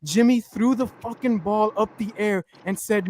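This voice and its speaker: A man's voice: high voice, normal speed, slight background noise. A man hosting a casual sports podcast, telling long rambling stories full of slang. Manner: rambling, animated storytelling with slang. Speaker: podcast host.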